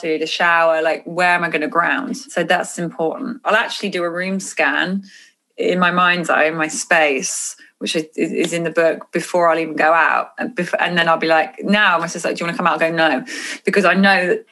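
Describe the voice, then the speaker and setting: A woman author talking casually about intuition and energy in an earnest, animated way on a podcast. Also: fairly low pitch, moderate pace. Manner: earnest, animated, drifts into quoted inner voices.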